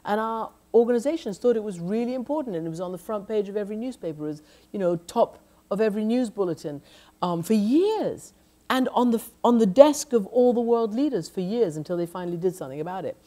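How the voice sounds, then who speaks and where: A woman's voice: medium pitch, expressive, fast talker, dark tone. A middle-aged woman journalist in an onstage conversation, talking emphatically with frequent restarts and "you know". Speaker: journalist, lecture guest.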